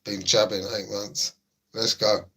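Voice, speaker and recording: A man's voice: fairly low pitch, flat delivery, measured pace, bright, forceful tone, husky. A young man hosting a livestream, chatting casually and joking as he reads out viewer messages. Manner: laid-back, jokey, reads chat aloud. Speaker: livestream host.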